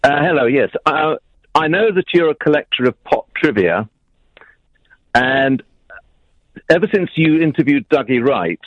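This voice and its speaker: A man's voice: on the high side, expressive, a little slow, pauses often, no echo. A man calling in to a radio show to tell a story, speaking politely and hesitantly with many fillers. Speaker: caller. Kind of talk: phone-in storytelling. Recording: dull phone line.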